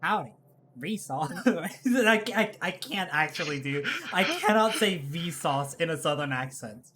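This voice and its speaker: A woman's voice: sits low, animated, measured pace, a crowd in the background. A woman in casual chat on a voice call, giggly and teasing her friends. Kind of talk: casual chat over a game stream.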